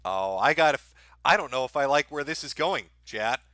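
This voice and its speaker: A man's voice: medium pitch, animated, a little fast, pushed and bright, no echo. A man live-streaming crude, sarcastic commentary over an audiobook, mocking it and laughing often.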